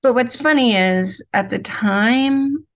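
A woman's voice: a little high, slow. A woman co-hosting a podcast, chatting casually and trailing off with fillers. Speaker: podcast co-host. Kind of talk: casual chat.

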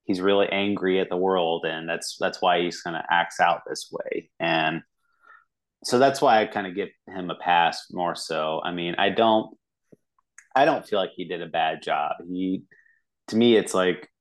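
A man's voice: low voice, a little slow. A man co-hosting a movie podcast, talking casually with lots of restarts and fillers. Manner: rambling, many restarts and fillers. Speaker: podcast co-host. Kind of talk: casual movie review chat.

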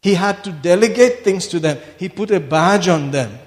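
A high-pitched man preaches a sermon, swinging from low asides to shouted declarations. His voice rings with a long reverb through a large hall. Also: lively intonation, moderate pace.

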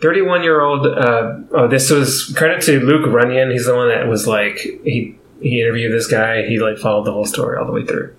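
A man's voice: medium pitch, fairly even intonation, brisk, hardly any pauses, echoey room, slight background noise, low-quality recording. A man hosting a casual comedy podcast, telling a story with lots of laughs and fillers. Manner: laughs often, rambling with fillers. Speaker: podcast host.

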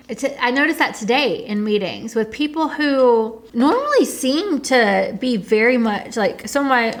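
Chatty Southern woman podcast co-host. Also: fairly high pitch. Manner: chatty, storytelling, quick asides. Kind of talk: casual chat.

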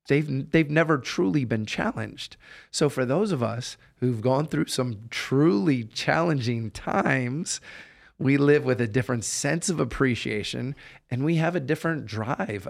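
Gravelly man hosting an earnest chat. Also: mid-range voice. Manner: earnest, upbeat storyteller. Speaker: podcast host. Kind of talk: heart-to-heart interview chat.

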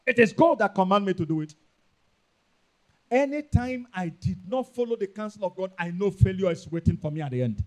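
High, lively Nigerian preacher. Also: male voice, a little fast. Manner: emphatic preaching, repeats lines, rises to loud bursts. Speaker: pastor. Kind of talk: sermon.

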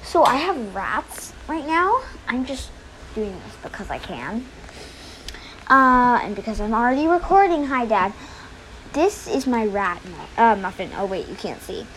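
Woman podcast host, high voice, unhurried and hesitant, casual phone recording at home. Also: very animated, a bit bright, slight background noise, low-quality recording. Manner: rambling, hesitant, many fillers. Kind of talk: casual chat. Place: indoors at home.

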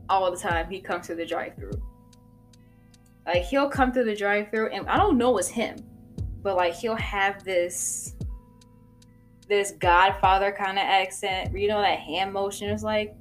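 A woman chatting casually as a podcast host, telling work stories and laughing often. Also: medium pitch. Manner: chatty, laughs often, lots of "like" and "you know". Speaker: podcast host and coffee shop worker. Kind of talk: casual storytelling chat.

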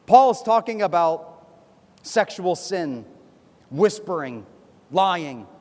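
A man preaching a sermon as pastor, animated and acting out other people's voices. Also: sits high, slow. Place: church sanctuary. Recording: long hall reverb from a church.

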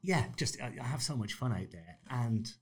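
A man's voice: medium pitch, moderate pace, husky. A man in his fifties, a podcast guest, telling anecdotes with energy, laughing often and acting out what others said. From Ireland. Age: 50s. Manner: animated storyteller, acts out quotes in raised voices, laughs often. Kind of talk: casual storytelling interview.

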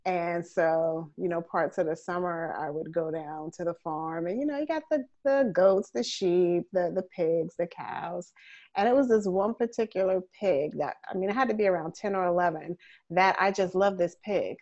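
A woman host chatting casually, telling a story with lively, acted-out quotes. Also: on the low side, normal speed, lo-fi sound. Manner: animated storyteller who acts out quoted voices.

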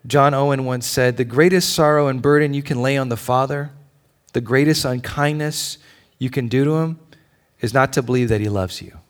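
Speaking at a normal pace and medium pitch, a man who is a pastor with children tells a personal story during his sermon. He's animated, with ups and downs, and nearly whispers when things turn tender.

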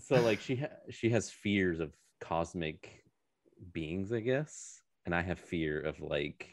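Casting: man with a very deep but expressive voice, casual storyteller, rambling, dry close-mic sound. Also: takes it slowly, no room sound. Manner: rambling, self-mocking, many fillers and restarts.

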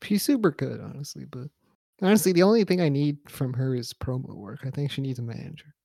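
Man, podcast co-host, casual rant, fry in the voice, dark tone. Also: medium pitch, lively intonation, a little fast, no room sound, clean studio sound. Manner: laid-back, swears, ranting. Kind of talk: casual wrestling podcast chat.

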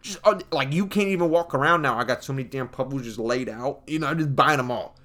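A young man riffing through a loose comedic monologue in heavy slang, talking straight to his listeners as folks. His voice sits at an ordinary middle pitch for a man, and he keeps the mood loose and joking. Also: fast talker, fairly bright tone.

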